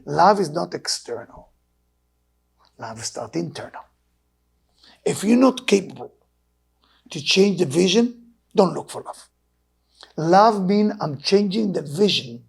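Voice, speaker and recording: A man in his sixties with an Israeli accent, a Kabbalah teacher giving an emotional sermon that swings between loud urging and low, hushed tones. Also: expressive, slow pace, gravelly, pauses often, slightly rough. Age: 60s. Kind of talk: impassioned sermon.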